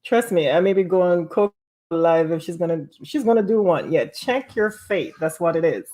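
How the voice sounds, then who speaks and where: A woman's voice: fairly low pitch, animated, moderate pace, dark tone. A woman hosting a casual live stream from home, reading viewer comments aloud and laughing often. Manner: laughs often, bubbly and chatty.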